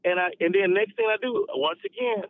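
A man, a pastor, shares his testimony in a fairly high voice that swings up and down with lively energy. He repeats words and restarts as he goes. The sound is dry and narrow, like a phone line. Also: a little fast, vocal fry, no room sound. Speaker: associate pastor. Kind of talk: personal testimony storytelling.

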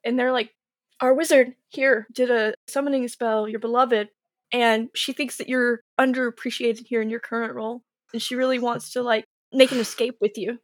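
A fairly high-voiced woman recounts tabletop game stories in an animated, chatty way. She acts out her players' lines as she goes. The sound is dry and close. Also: moderate pace, no echo. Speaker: game master. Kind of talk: casual podcast storytelling.

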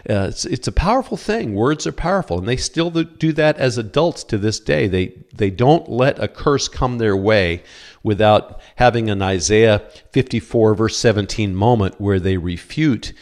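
A middle-aged male pastor delivering a sermon in a fairly low voice. He speaks earnestly and cites scripture verse by verse. He stumbles now and then on doubled words. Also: animated, normal speed, darkish tone. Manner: earnest, stammers on repeated words.

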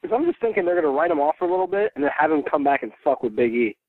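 A man's voice: fairly high pitch, rapid-fire. A man co-hosting a podcast, joking in casual banter over a tinny line. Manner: joking, lively. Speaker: podcast co-host.

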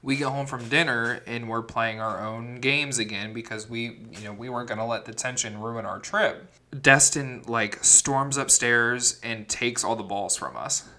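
A man co-hosts a podcast, chatting casually about a trip in an easygoing way. His voice is bright and forceful, and he gives a lot of detail as he tells it. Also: medium pitch, steady tone, moderate pace. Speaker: podcast co-host. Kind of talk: casual storytelling chat.

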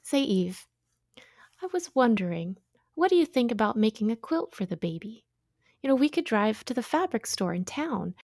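A woman's voice: on the high side, very animated, normal speed, darkish tone, no room sound, clean studio sound. An actress playing a motherly, middle-aged housewife in an audio drama, soothing and coaxing in a chatty way. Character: motherly, fussing older housewife, sweet yet prying.

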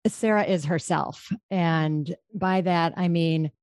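A woman's voice: on the low side, fairly even intonation, takes it slowly, darkish tone, dry recording, clean studio sound. A woman hosting a podcast, introducing her guest in an effusive, rambling way with many restarts. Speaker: podcast host.

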